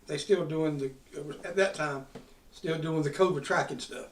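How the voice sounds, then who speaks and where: Cussing guy telling a story, highish voice, mic kinda far off in an echoey room. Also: normal speed. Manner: profane, rowdy, drawling storyteller. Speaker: podcast host. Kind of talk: casual storytelling. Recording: roomy sound from a distant mic.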